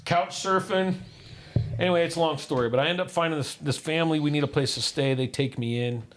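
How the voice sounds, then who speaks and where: A man telling his own life story candidly, acting out what others said and dropping low and quiet on the painful parts. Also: fast talker, a little hiss or hum. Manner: candid, acts out quoted voices, drops low on painful parts. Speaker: guest. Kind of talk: personal storytelling.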